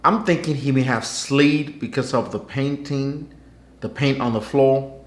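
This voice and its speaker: Steady in tone and unhurried, this man speaks at medium pitch while hosting a news commentary vlog on his own channel. His remarks are conversational, wry, and skeptical, set in a roomy, echoey space.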